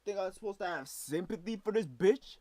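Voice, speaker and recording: A man's voice: high voice, expressive, a little fast, darkish tone, no room sound. A young man streaming, ranting with angry, profane reaction commentary.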